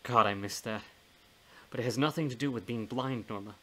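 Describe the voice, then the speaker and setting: A man voicing a brooding, weary man who has lost his sight, talking in a halting, earnest way in a storybook reading. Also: mid-range voice, bright, forceful tone. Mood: rueful. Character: brooding blinded man, weary, self-pitying.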